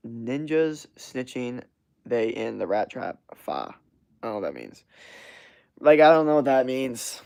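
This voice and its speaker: With a gravelly, medium-pitched voice, a young man runs a livestream, reacting to viewer comments in a casual, rambling way. He's animated and curses a lot, leaning on many fillers.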